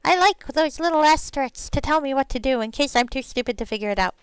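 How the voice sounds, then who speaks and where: A woman's voice: high-pitched, animated, fast talker, no room sound. A woman streaming a role-playing game, chatting casually and poking fun at herself. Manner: chatty and self-mocking.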